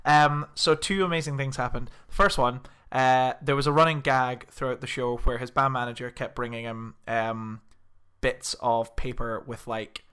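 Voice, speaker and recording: A man's voice: medium pitch, steady tone, moderate pace, few pauses, sharp tone, clean tone. A young man hosting a podcast, telling a story in casual chat and laughing often. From Scotland. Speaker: podcast host.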